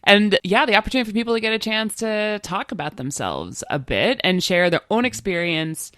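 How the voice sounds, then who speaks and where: A woman's voice: mid-range voice, expressive, a little fast, fairly bright tone, no room sound, clean studio sound. A woman talking as a guest on a podcast, casual and enthusiastic. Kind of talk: casual conversation.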